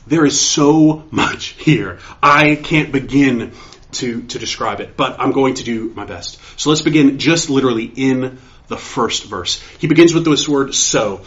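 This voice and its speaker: A man preaching a sermon in an excitable way, often restarting and repeating words as he works through a passage. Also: medium pitch, measured pace. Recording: dull lo-fi recording.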